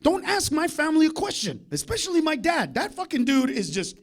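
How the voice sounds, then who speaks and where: A man doing live stand-up comedy, ranting loudly and brashly with lots of profanity. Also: very high voice, wildly swooping pitch, brisk.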